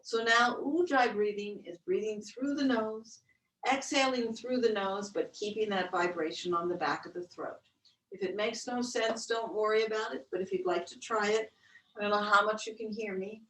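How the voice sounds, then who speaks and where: A woman yoga instructor leading a webcast breathing class, with slow, gentle counted cues. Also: mid-range voice. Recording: roomy, distant webcast audio.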